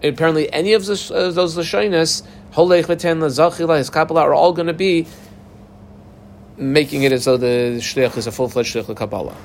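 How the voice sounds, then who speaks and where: A man teaching a Talmud class in a casual, animated way, acting out the voices of the people in the case. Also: fairly high pitch, a little fast, a little hiss or hum. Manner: animated, acts out the parties in a dialogue.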